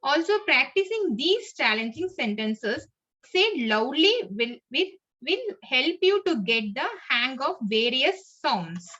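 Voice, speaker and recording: High, lively woman teaching pronunciation. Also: takes it slowly, husky. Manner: reads list-like points with small slips and restarts. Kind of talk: lesson narration. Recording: muffled lo-fi audio.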